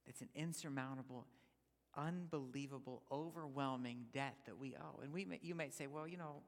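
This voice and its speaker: A man preaching as a guest speaker, emphatic, swinging between loud points and near-whispers. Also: mid-range voice, normal speed, creaky. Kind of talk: sermon. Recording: long hall reverb.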